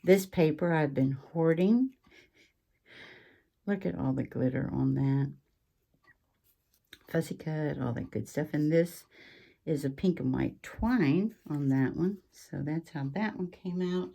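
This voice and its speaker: Woman host, low mellow voice, chatty craft walkthrough with ums. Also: slow, gravelly, long pauses, breathy edge. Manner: chatty, rambling, with frequent ums and asides. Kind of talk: casual craft show-and-tell chat.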